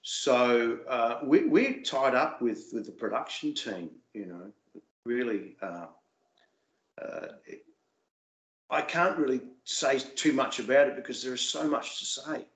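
A man guest in a casual interview, hesitant and repeating words, getting animated as he recalls. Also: medium pitch, unhurried, echoey room, low-quality recording. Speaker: interview guest, former singing show contestant.

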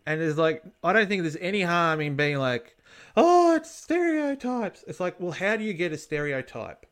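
A man's voice: on the high side, fairly quick, pushed and bright, clear, resonant tone. An Australian man co-hosting a podcast, rambling bluntly in casual chat and swearing now and then. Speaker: podcast co-host.

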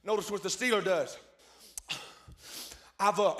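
High-voiced preacher shouting in an echoey hall. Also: male voice, a little fast. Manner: rhythmic preaching, swings from hushed to shouting; joking asides to the crowd. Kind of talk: revival sermon. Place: large church hall.

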